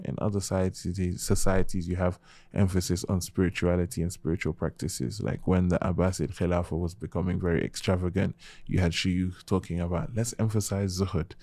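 A man's voice: deep voice, mellow, no echo. A young man from the United Kingdom, a podcast guest, explaining history with many examples in a conversational way. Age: young adult. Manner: expansive, explaining with examples and asides. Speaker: guest, Islamic history speaker.

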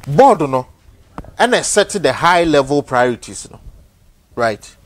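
A man's voice: fairly high pitch, very animated, measured pace. A man with a Ghanaian accent, a guest on a political talk show, explaining things step by step. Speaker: studio guest.

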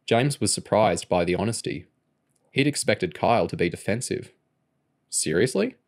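A man narrates a novel aloud at an even, steady pace. His voice sits on the low side and stays plain and unhurried. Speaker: audiobook reader.

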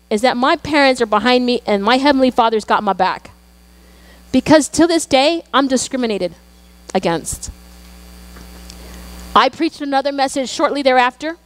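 A woman's voice: high-pitched, no echo. A woman pastor, preaching a sermon in earnest, personal storytelling with emphatic asides. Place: church.

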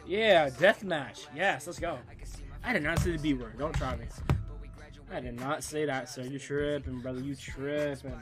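A young man streaming gameplay live, trash-talking opponents excitably and calling everyone bro and dude. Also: a little high, normal speed, over music. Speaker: gaming streamer.

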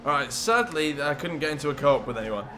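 A young man giving excitable, jokey gameplay commentary as a gaming YouTuber. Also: on the high side, fairly quick. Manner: excitable, jokey, swears and laughs often.

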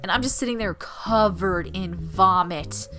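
With faint music behind her, a young adult woman speaks at a measured pace in a medium-pitched voice with a sharp tone. A former resident assistant, she draws while vividly retelling college stories in a chatty, filler-laden storytime vlog.

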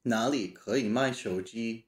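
A man talking casually through a study session, slowly repeating phrases aloud and thinking as he goes. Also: medium pitch. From United States. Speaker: language learner teaching himself.

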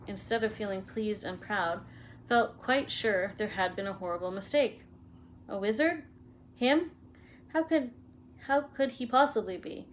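A woman reads a children's novel aloud in a steady, expressive way, with an ordinary mid-range voice. A faint hum runs behind her. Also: mid-range voice. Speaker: storyteller.

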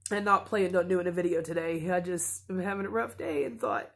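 A woman's voice: on the low side, fairly quick, hardly any pauses. A woman in her thirties talking casually and earnestly to camera in a home vlog, rambling at times and openly emotional. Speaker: vlogger.

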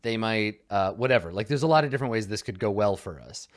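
Jokey excitable man at a game table. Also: lowish voice, fast talker. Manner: jokey, excitable, trails off quietly. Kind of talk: casual game planning chat.

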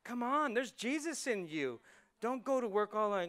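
A man preaching a lively sermon in a church, dropping to near whispers and rising to excited shouts, often acting out quick voices. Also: extremely high pitch. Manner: animated, swings from hushed to shouting, acts out voices. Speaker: pastor. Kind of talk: energetic sermon. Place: church hall.

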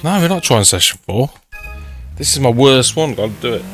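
A man's voice: medium pitch, expressive, fairly quick, faint music behind. Swearing, frustrated young man gaming. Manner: frustrated, heavy swearing, talks to the car. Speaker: gaming channel host. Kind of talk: live gameplay commentary.

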